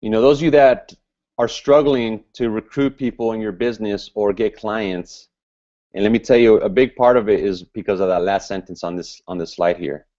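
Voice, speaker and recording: A man giving a motivational business training talk to a group, speaking loud and fired up. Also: lowish voice, steady tone, normal speed. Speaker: business seminar presenter. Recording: dull lo-fi recording.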